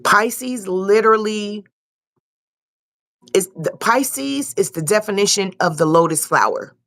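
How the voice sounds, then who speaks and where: A woman's voice: medium pitch, expressive, takes it slowly, a bit bright. Casual woman reading tarot cards. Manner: loose, repetitive, swears casually. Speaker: tarot reader.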